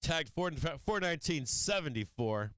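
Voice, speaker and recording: A man's voice: on the high side, very animated, normal speed, fairly bright tone, smooth, no echo. A man hosting a stock market livestream, talking casually and bluntly, swearing often and laughing a lot. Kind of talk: casual trading livestream talk.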